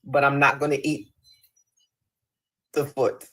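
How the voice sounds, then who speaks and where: A woman's voice: a bass voice, flat delivery, slow, rough recording. A woman chatting on a live show, easygoing and a little sheepish. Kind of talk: casual chat on a live stream.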